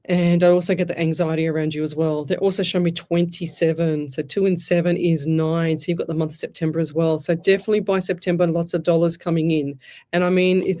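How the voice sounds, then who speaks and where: A woman's voice: on the low side, darkish tone. A woman with an Australian accent hosting a live radio show, giving rambling, chatty psychic readings with many restarts. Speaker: psychic medium radio host.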